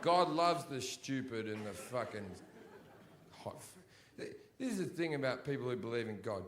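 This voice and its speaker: A man's voice: medium pitch, expressive, normal speed, a bit bright, slight background noise. A male stand-up comedian doing a blunt, profane, sardonic set on a live stage. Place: live comedy venue before an audience.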